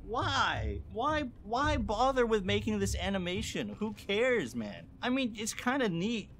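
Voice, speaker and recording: A man's voice: high voice, big pitch swings, measured pace, a bit bright, a little hiss or hum. A man streaming a game, talking casually with sarcastic remarks, laughter and swearing.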